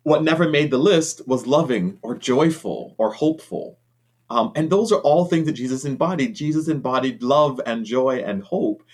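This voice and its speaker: A man's voice: medium pitch, expressive, normal speed, darkish tone. A man who is a bishop, answering interview questions in an earnest, conversational way with frequent ums.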